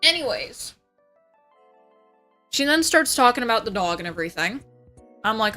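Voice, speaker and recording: Young woman, livestreamer, casual rant, heavy swearing, bright tone. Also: a little high, very animated, soft background music. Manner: heavy swearing, fast venting. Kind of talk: casual ranting chat. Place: home.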